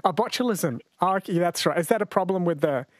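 A man's voice: high-pitched, lively intonation, quick pace, no room sound. An Australian man hosting a radio quiz show, chatty and jokey, speaking into a studio mic. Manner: chatty and jokey, laughs often. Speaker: radio host. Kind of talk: casual radio chat and quiz.

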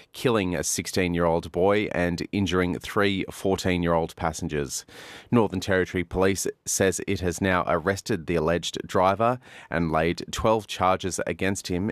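A man reads the news in a measured, formal bulletin style. His voice sits very low and deep. The sound is close and dry, with no room around it. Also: no room sound. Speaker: newsreader.

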